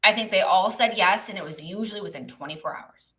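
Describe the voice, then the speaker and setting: Woman, coach, livestream talk, bright voice, chatty, restarts sentences. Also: mid-range voice, fast. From lived in many countries. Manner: chatty, reads the live chat, trails off and restarts. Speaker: business coach. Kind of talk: live-streamed coaching talk.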